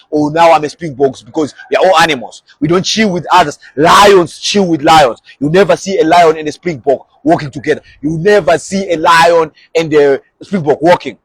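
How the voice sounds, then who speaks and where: A man preaching an energetic sermon, animated, acting out short quoted voices along the way. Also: on the high side, slightly rough, dry recording.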